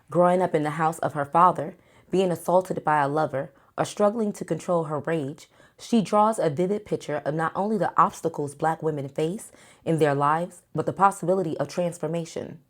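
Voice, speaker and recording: A woman reading a memoir aloud in a measured, even audiobook narration. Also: low-pitched. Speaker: book reader.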